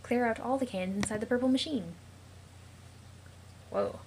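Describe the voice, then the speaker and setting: A woman's voice: a little high, moderate pace, a little mellow, rough recording. Casual female host reading comic text, mock-dramatic, jokey asides, light background noise. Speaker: let's play host reading a web comic.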